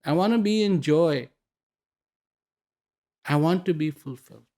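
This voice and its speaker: Gravelly-voiced man asking reflective questions. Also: on the high side, dark tone. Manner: slow, questioning, rhetorical. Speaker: spiritual speaker. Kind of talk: reflective personal message.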